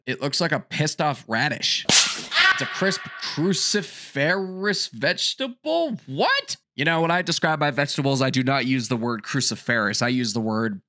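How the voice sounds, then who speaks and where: A man hosting a vlog, reacting to web searches with excitable, jokey, exaggerated reactions. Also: medium pitch. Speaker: host.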